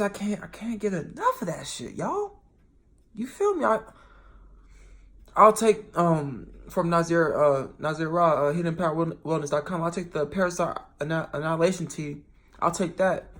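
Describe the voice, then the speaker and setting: Rambling, profane man talking to viewers. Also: high voice. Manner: rambling, with many restarts and sudden swings in loudness; swears freely and talks straight to viewers. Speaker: vlogger. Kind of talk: casual rambling monologue.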